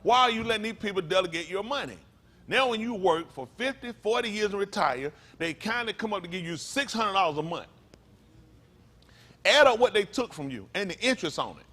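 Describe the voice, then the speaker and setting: A male pastor preaching a sermon to his congregation, fiery and slangy, firing rhetorical questions at the room and swinging from low mutters to sudden loud bursts.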